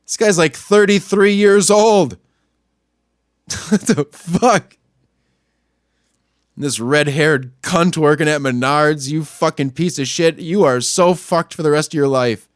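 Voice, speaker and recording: A man hosting a podcast, delivering a crude, angry rant that swings between low muttering and yelling. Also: slow pace, long pauses, dry recording, clean studio sound. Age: adult, not much older than a young store clerk. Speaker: podcast host. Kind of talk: profane ranting monologue.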